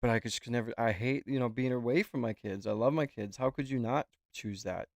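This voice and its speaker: A man's voice: mid-range voice, a little fast, creaky, darkish tone, no echo. Male streamer, loose and profane, talks in circles, dry close mic. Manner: rambling, swears freely. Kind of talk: casual reaction chat.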